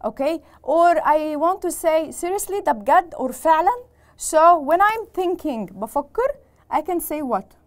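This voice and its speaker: An Egyptian woman teaching a bilingual English lesson, explaining in English and repeating each phrase in Egyptian Arabic, acting out the sample phrases with expressive emphasis. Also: high voice, moderate pace.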